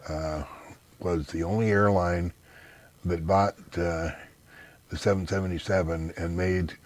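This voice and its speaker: A man being interviewed in a casual conversation gives long, rambling explanations in a blunt, dismissive way. His voice is deep and unhurried, with fairly even intonation.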